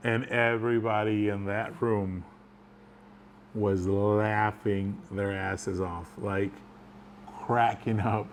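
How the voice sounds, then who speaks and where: A man's voice: lowish voice, little pitch movement, a little slow, slight background noise. A man telling a personal story in a casual, rambling way, chuckling as he goes. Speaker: vlogger.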